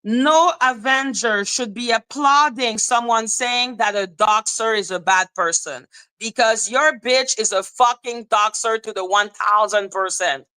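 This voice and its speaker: A woman's voice: a little high, unhurried, pushed and bright, smooth, poor audio. A woman hosting a commentary livestream, ranting in a profane, sarcastic and scornful way. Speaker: commentary channel host. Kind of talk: livestream rant.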